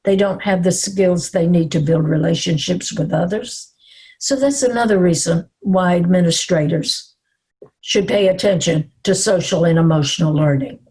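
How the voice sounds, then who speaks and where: An older woman from the American South with a Southern accent, presenting at an online summit in a slow, calm and reassuring way. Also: on the low side, slightly rough. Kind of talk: webinar presentation.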